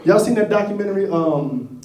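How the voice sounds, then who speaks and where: A man's voice: high voice, brisk, a crowd in the background. Guy doing standup, swearing a lot, voice jumps all over, echoey room heard from a distance. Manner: profane, animated storytelling. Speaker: stand-up comedian. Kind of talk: stand-up comedy set.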